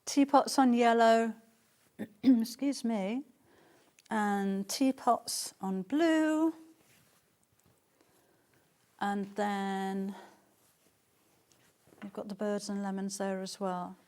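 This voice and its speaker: A woman's voice: medium pitch, drawn-out words, long pauses, darkish tone. A middle-aged woman presenting fabrics on a live sales show, chatting and gushing with lots of restarts.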